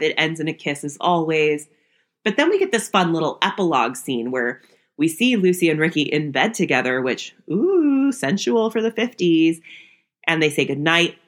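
A woman's voice: low voice, fairly bright tone. A young woman hosting a podcast, recapping an old sitcom episode in a chatty way, laughing often. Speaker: podcast host.

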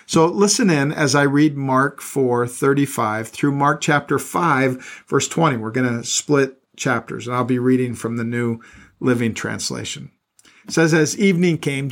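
Brief: middle-aged man, pastor, sermon voice, reads scripture then adds earnest asides, mid-range pitch. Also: moderate pace. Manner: earnest, stops to add plain commentary, repeats words.

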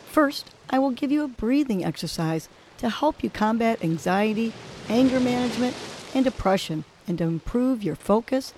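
A woman hosting a morning wellness podcast, guiding a breathing exercise and giving motivational words in a slow, soothing way. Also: fairly high pitch, expressive, noisy background. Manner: slow, soothing counting, rising to upbeat urging. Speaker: podcast host. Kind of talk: guided breathing and motivational talk.

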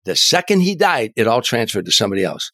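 An older man, a comedian and author, telling animated anecdotes as an interview guest, often restarting his words. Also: mid-range voice, quick pace, no room sound. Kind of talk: storytelling in an interview.

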